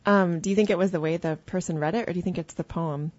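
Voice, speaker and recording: A woman's voice: on the low side, fairly even intonation, fast talker, a little mellow, dry recording. A woman hosting a casual conversation, thinking aloud hesitantly with frequent restarts. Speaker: host. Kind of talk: casual interview chat. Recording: dry, dull lo-fi recording.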